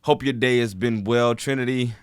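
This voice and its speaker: A man's voice: medium pitch, steady tone, moderate pace, clear, resonant tone, no room sound, studio quality. A young man hosting a casual student interview show in a friendly, upbeat way. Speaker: podcast host.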